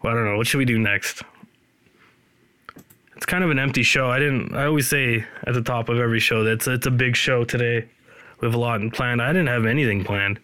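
A man from Canada, hosting a podcast in a rambling, deadpan, self-deprecating way. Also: mid-range voice, clean tone, no room sound. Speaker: podcast host. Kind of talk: casual solo podcast monologue.

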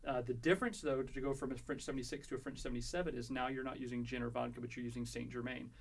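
A man's voice: mid-range voice, steady tone, rapid-fire, vocal fry, breathy edge. Man walking through cocktail recipes. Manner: explains recipes step by step with many fillers and restarts. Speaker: cocktail podcast co-host. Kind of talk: casual chat.

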